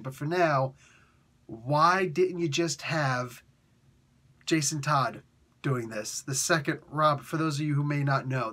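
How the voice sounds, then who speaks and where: A male reviewer chatting casually about comics, animated and quick to laugh at what he finds absurd. His voice is bright and forward, and it sits a little higher than most men's. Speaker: comic book reviewer host.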